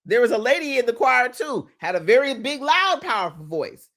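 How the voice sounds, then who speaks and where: A woman's voice: a little high, sing-song, normal speed, a bit bright. A woman life coach giving a playful motivational talk, laughing often and shushing for emphasis.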